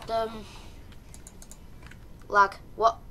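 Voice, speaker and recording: A young woman, chatting through live gameplay commentary with sudden excited yelps and calls to her teammates. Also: on the high side, very slow, noisy background. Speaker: streamer.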